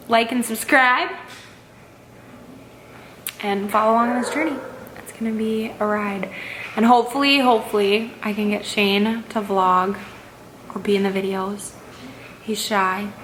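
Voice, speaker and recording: A woman's voice: medium pitch, background noise. Chatty young woman vlogging casually. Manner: chatty, rambling, self-deprecating. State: pregnant. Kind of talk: casual vlog chat.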